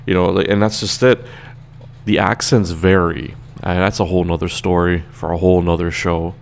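A man's voice: low-pitched, fairly even intonation, moderate pace, creaky, slight background noise. A man with a Trinidadian accent hosting his own radio show in a loose, chatty monologue, tired and rambling, laughing now and then.

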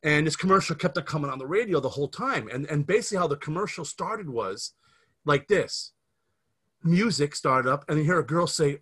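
A man's voice: a little high, lively intonation, fairly quick, a bit bright, breathy edge. A man in his fifties from the Scranton area of Pennsylvania, hosting a casual podcast and telling a rambling story full of restarts. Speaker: podcast host.

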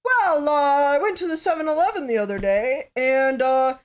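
A woman putting on a rough impression of an older male late-night TV host telling corny jokes, with a drawling delivery. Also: high-pitched, moderate pace, pitched above the performer's own voice, natural voice.

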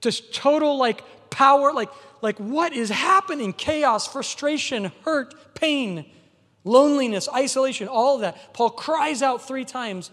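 A man's voice: very high voice, animated, unhurried, fairly bright tone. A man preaching a sermon as pastor, in an emphatic, conversational way. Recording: long hall reverb.

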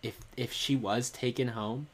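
A man's voice: mid-range voice, steady tone, unhurried. A man co-hosting a casual podcast chat, making thoughtful, wry remarks. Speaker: podcast co-host.

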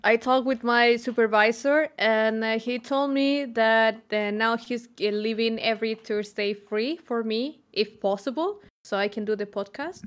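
High-pitched giggly woman. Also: unhurried, hardly any pauses. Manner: giggly, excitable. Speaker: podcast co-host. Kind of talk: casual chat.

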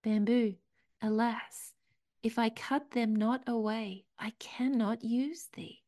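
A woman's voice: fairly high pitch, steady tone, slow pace, mellow. A woman doing a grave, solemn garden master. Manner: grave, solemn archaic speech, partly whispered. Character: grave male garden master, loving but stern.

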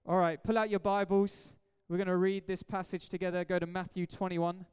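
A man's voice: high-pitched, flat delivery, brisk, darkish tone, smooth. A man, a pastor preaching an emphatic, jokey sermon in a church hall. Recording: echoey hall reverb.

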